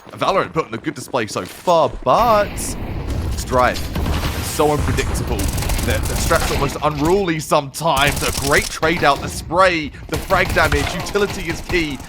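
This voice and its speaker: A man calling a competitive shooter match as play-by-play caster, with lively, punchy calls and slang. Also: fairly high pitch, background noise. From Canada. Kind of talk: esports play-by-play commentary.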